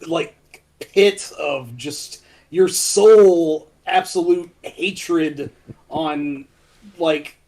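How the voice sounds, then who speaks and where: A man's voice: fairly high pitch, extremely slow, a little mellow. A man co-hosting a casual podcast chat, wordy and playful, often quoting comedy lines. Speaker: podcast co-host.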